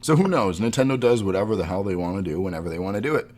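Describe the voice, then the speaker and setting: A man's voice: lowish voice, very fast, darkish tone. A man co-hosting a podcast in casual chat, rambling and laughing often. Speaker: podcast co-host.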